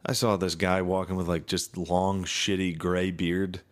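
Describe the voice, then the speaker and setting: A man from Philadelphia co-hosting a loose comedy podcast, with a voice that sits on the low side. He riffs dryly, swears a lot, and breaks into mocking impressions of people. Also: little pitch movement, unhurried. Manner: profane, wry riffing with mocking impressions. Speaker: podcast co-host. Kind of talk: casual chat.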